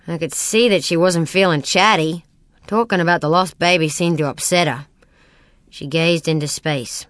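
A woman narrating an audiobook in a plain, even storytelling voice on a close mic. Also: lowish voice, measured pace, no echo. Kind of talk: scripted narration.

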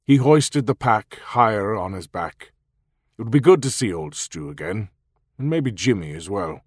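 A man narrating an audiobook in a measured, even storytelling manner into a close studio microphone. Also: lowish voice, breathy edge, no room sound.

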